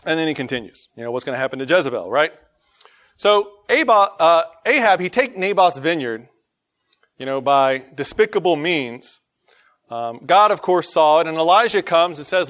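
A man with a Southern twang leads a relaxed Bible lesson, his voice pitched a touch high for a man. He jokes, laughs at his own stumbles, then reads scripture aloud in a steady teaching voice. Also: normal speed.

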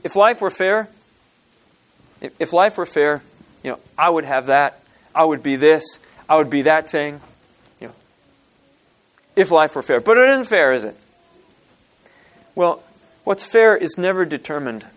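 Animated high-voiced male preacher. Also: normal speed, pauses often. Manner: animated storytelling, acts out parable characters in grumbling voices. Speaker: pastor. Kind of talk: sermon.

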